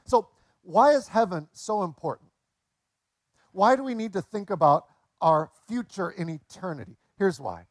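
A man in his late forties preaching a sermon in a relaxed, conversational way, telling jokes along the way. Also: sits high, normal speed, dry recording, clean studio sound. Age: 40s. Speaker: pastor.

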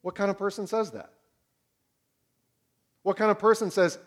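A pastor in his thirties preaching a sermon, swinging between loud and hushed. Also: sits high, lively intonation, normal speed, long pauses.

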